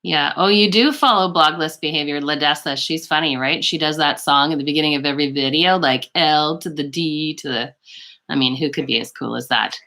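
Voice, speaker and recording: Low bright-voiced chatty Canadian woman. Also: fairly quick. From western Canada. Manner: chatty and rambling, full of fillers and asides. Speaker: beauty vlogger hosting a live stream. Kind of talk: casual live chat, reading viewer comments.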